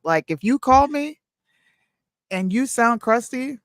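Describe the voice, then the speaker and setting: A woman co-hosting a live talk show, talking in a slangy, animated, opinionated way. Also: fairly high pitch, slow pace, dry recording, clean studio sound. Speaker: co-host. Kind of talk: casual chat.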